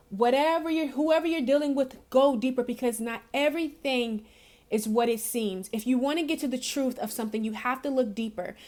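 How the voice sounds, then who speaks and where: A woman's voice: fairly high pitch, darkish tone. A woman giving a casual monthly astrology reading, chatty and giggly with lots of fillers. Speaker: spiritual reader.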